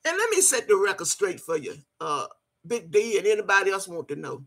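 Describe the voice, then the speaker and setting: Gravelly, blunt older woman streaming. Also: mid-range voice, sing-song, fairly quick, fairly bright tone. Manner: blunt, feisty, scolding; greets chat viewers by name. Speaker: livestream host. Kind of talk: casual livestream chat.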